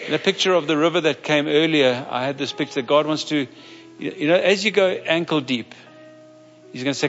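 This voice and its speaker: A man's voice: fairly high pitch, a little fast, a bit bright. Pastor guy praying earnest and pleading, kinda muffled, faint music behind. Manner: earnest, pleading prayer with repeated phrases. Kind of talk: sermon with closing prayer. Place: church camp meeting hall. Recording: dull sound with long hall reverb.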